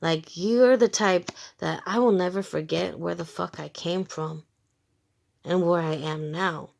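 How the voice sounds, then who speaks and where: A woman's voice: lowish voice, measured pace, gravelly, darkish tone. A woman giving a casual tarot reading to her viewers, frank and emphatic, swearing freely and repeating short phrases as she talks. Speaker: tarot reader.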